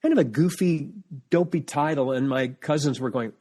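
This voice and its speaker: Man telling lively stories as a podcast guest. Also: fairly high pitch, normal speed. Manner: animated storyteller, full of family anecdotes; restarts sentences while searching for words. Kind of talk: casual interview chat.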